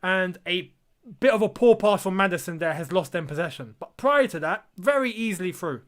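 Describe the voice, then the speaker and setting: His voice sits high, animated and a bit bright, running slightly fast: a young man hosting a live football watchalong. He reacts to the match with exasperation and incredulity, commentating live and speaking to viewers directly as lads.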